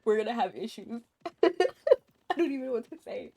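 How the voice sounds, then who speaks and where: A woman's voice: on the high side, animated, a little fast, vocal fry, dark tone, breathy edge. A woman live-streaming a game, chatting casually and answering her chat, with a cough now and then.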